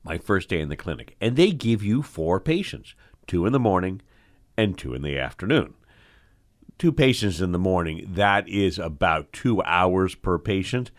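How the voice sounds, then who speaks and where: A middle-aged man, an eye doctor hosting the show, telling stories from his training in an animated, expressive way that acts out the scenes. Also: sits low, normal speed. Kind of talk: storytelling in casual conversation.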